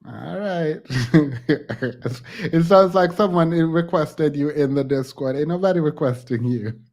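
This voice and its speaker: A man hosting a casual livestream chat, teasing his guests in quick playful banter. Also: a little high, darkish tone. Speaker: livestream host.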